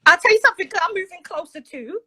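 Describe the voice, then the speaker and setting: A British woman with a very high, bright voice tells a story in casual chat. She is chatty and dramatic and acts out the other voices in her tale. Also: expressive, quick pace, low-quality recording. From Britain. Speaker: guest.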